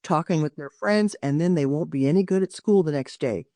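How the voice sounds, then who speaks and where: An older woman, a parenting expert guest on a podcast interview, gives earnest, emphatic advice and often restarts her sentences. Her low, mellow voice is brisk, and the recording is dry.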